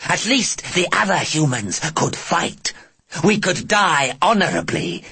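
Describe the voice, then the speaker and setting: A man voicing a menacing, contemptuous male alien warrior in an audiobook, with a slow, sneering, drawn-out delivery. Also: on the high side, very animated, sharp tone, husky, no echo, voice pushed up, heavily acted. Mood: taunting. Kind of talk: audiobook character voice.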